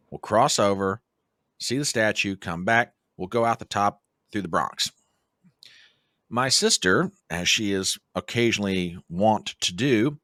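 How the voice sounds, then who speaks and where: A man's voice: on the low side, no echo, studio quality. A middle-aged American man telling a long travel story on a podcast and acting out the quotes. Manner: animated storyteller who acts out quotes. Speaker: podcast guest. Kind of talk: casual storytelling.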